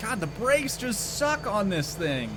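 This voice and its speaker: A man's voice: sits high, big pitch swings, measured pace, noisy background. A man streaming a game live, chatting casually, joking and answering his chat as he plays.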